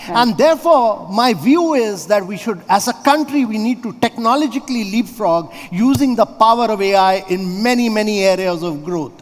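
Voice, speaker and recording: High-voiced older man in a hall. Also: animated. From India. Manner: measured, builds points with numbers and lists. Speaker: award honoree, interview guest. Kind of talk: on-stage conversation. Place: large conference hall. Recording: reverberant event hall.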